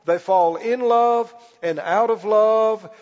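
A man preaching a sermon as pastor, stretching key words slowly and calling for the congregation to respond. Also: high voice, darkish tone. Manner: preaching with call-and-response, slow emphatic stretches. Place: church. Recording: muffled recording in a reverberant church hall.

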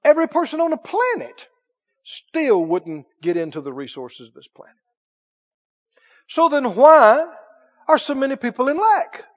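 High-voiced folksy preacher, lo-fi. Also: male voice, huge pitch swings, unhurried, long pauses. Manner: folksy, swinging from hushed lines to loud exclamations. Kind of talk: sermon. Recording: dull lo-fi sermon recording.

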